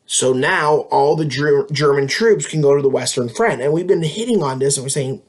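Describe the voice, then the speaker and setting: A man's voice: fairly high pitch, moderate pace. A man teaching a history lesson in a casual, conversational way, with frequent fillers and tag questions. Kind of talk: casual classroom lecture.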